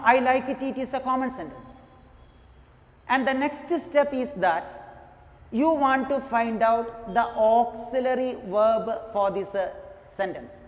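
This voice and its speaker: Teacher, measured classroom delivery, mid-pitched, long reverb behind. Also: fairly bright tone. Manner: repeats example sentences slowly, frequent "you know". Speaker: English teacher. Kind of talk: classroom grammar lesson. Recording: long reverb, echoey room.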